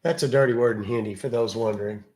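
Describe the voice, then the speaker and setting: A man's voice: medium pitch, steady tone, fast, darkish tone. Chatty man hosting a livestream. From West Virginia, USA. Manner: joking, chatty, talks to his chat. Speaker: scam-baiting livestream host. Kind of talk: casual livestream chat.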